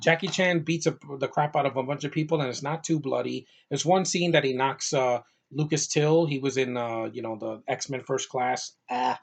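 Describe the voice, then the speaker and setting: A man at a middle pitch reviews a film in an easygoing, unscripted way. He rambles with plenty of "uh" and "you know", gushing with enthusiasm while sounding a bit worn out. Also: steady tone, moderate pace, creaky, hardly any pauses. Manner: enthusiastic, rambling, many fillers. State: tired. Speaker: movie reviewer. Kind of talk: casual movie review vlog.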